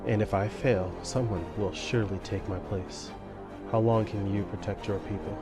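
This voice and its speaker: A man voicing a defeated male orc warlord in a tabletop game, speaking slowly and quietly. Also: lowish voice, steady tone, close to an everyday voice. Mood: grudging. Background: music.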